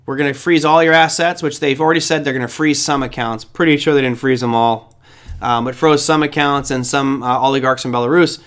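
A man's voice: mid-range voice, fairly even intonation, a little fast, fairly bright tone. A man hosting a trading show, giving casual market commentary in a rambling, conversational way with side stories.

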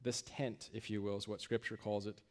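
A man's voice: on the low side, flat delivery, moderate pace, darkish tone. A male pastor preaching a sermon in a conversational way, often restarting phrases and checking in with "right?".

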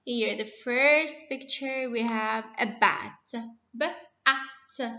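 A woman teacher talks very slowly and patiently through a children's phonics lesson, spelling each word out letter by letter. Her voice is bright and fairly high. It comes through a dull, lo-fi recording with an echoey room around it.

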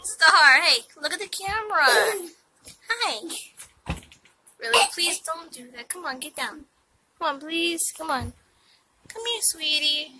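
A woman's voice: very high-pitched, lively intonation, takes it slowly, pauses often, noisy background. A young woman playfully teasing and coaxing her small child at home while filming a casual vlog. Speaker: vlogger, mother. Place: home living room.

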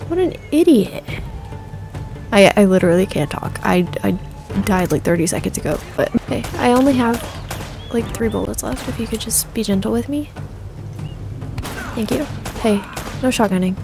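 A woman streamer giving casual commentary on her game, excitable and jumpy, often joking at herself. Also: mid-range voice, moderate pace, vocal fry, pauses often, over music. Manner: excitable, jumpy and self-mocking while playing. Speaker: gaming streamer. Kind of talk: casual let's play commentary.

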